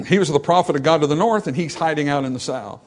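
A man preaching a sermon, animated and acting out the voices in the scripture passage, then dropping to softer, reflective tones. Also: fairly high pitch, fast talker. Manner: animated, acts out dialogue from scripture. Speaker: pastor.

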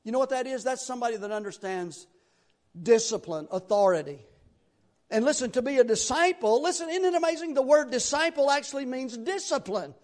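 A man's voice: very high-pitched, lively intonation, fairly quick, a little mellow. A man preaching a sermon in a conversational, folksy way, asking his listeners rhetorical questions.

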